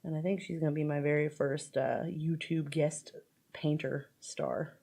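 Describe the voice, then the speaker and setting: A woman's voice: deep voice, fairly even intonation, unhurried, gravelly, mellow. A woman chatting casually through a makeup tutorial, rambling with lots of fillers and playful asides. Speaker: makeup vlogger.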